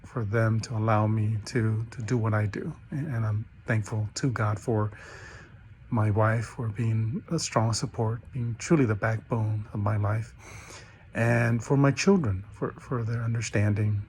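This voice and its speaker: A man's voice: fairly low pitch, a little slow, a little hiss or hum. A middle-aged man recording a graduation message at home. He tells a parable in a casual way, acts out the characters' quoted lines, and often starts over with fillers and repeated words. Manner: storytelling with animated quoted voices. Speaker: graduation speaker.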